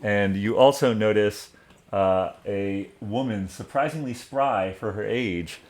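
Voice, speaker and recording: A man narrating a tabletop game as game master, in a relaxed, halting way with many fillers. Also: on the low side.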